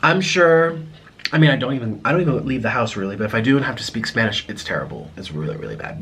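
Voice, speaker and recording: A young American man talking casually to his viewers at home in a rambling, halting way, full of restarts. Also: mid-range voice, big pitch swings, fairly bright tone, slight background noise. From United States. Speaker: mukbang vlogger. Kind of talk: casual vlog monologue to viewers.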